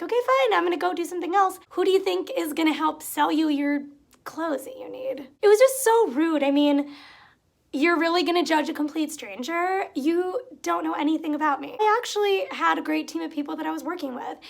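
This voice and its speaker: With a cat close by in her home room, a young woman vlogs about working retail. Her high voice carries vocal fry as she chats casually, voicing customers' words and sounding exasperated.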